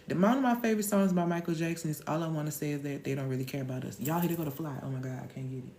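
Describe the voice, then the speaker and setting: A woman's voice: sits low, quick pace, few pauses, darkish tone. A woman in her thirties hosting a live-stream motivational talk, emphatic and slangy, firing off rhetorical questions.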